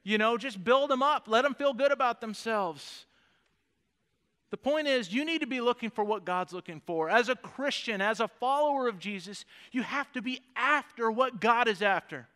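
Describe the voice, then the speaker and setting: A man preaching a sermon as pastor, animated and acting out quoted voices in a church. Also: very high-pitched, normal speed, long reverb tail. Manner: animated preaching, acts out voices of God and David. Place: church sanctuary.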